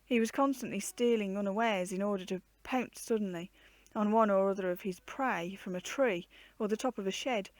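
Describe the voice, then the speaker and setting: A woman reading a children's storybook aloud with an expressive, varied storytelling delivery. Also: medium pitch, normal speed, few pauses, no echo.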